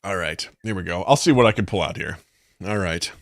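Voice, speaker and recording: A man's voice: deep voice, a little fast, gravelly, dry recording, clean studio sound. A man co-hosting a casual podcast, rambling loosely, with lots of fillers and cursing. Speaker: podcast co-host.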